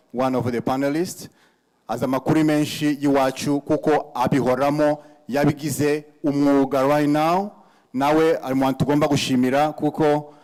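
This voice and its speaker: A man's voice: medium pitch, a little mellow. A man moderating a memorial gathering, speaking emphatically, repeating key phrases and mixing Kinyarwanda, English and French.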